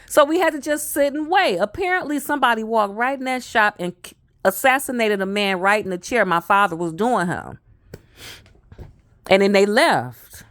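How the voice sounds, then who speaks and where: Woman, casual storyteller, mid-pitched voice, dry close sound, repeats lines for effect. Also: moderate pace, no room sound. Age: adult. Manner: animated, conversational, repeats phrases for effect.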